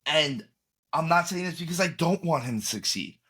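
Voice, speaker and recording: A man's voice: on the high side, expressive, normal speed, sharp tone. A man co-hosting a podcast in casual chat, opinionated and emphatic, often restarting his sentences. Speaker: podcast co-host.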